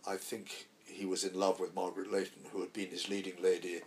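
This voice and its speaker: Old guy in his 80s, gravelly voice, rambly actor telling theatre stories. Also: low voice, little pitch movement, fairly quick, a little hiss or hum. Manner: rambling storyteller, many restarts. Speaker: actor, guest. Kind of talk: anecdotal interview chat.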